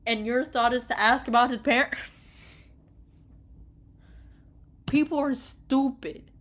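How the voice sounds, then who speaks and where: A woman's voice: a little high, slow pace. A young woman giving casual reaction commentary on a story, exasperated and ranting with frequent laughter. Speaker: streamer reading an interactive story.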